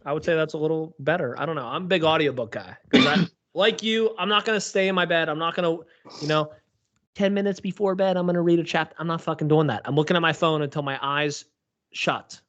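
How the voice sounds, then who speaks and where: A man's voice: on the high side, quick pace, fairly bright tone, lo-fi sound. A man co-hosting a podcast, talking bluntly and emphatically in casual chat, swearing freely. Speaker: podcast co-host.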